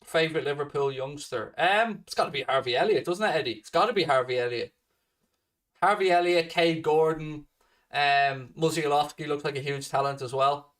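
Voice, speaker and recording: A man's voice: on the high side, normal speed, a bit bright, far from the mic. A man hosting a fan channel, answering viewer questions in a blunt, sweary, casual chat.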